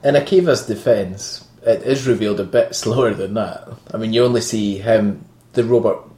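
A man's voice: on the low side, moderate pace, warm tone. A man co-hosting a casual film review podcast, teasing and joking, laughing often. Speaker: podcast co-host. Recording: roomy echo.

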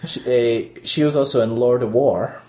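A man's voice: mid-range voice, normal speed, dark tone. Jokey man on a roomy podcast. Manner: jokey, teasing, laughs often. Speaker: podcast co-host. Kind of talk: casual film review chat. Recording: roomy echo.

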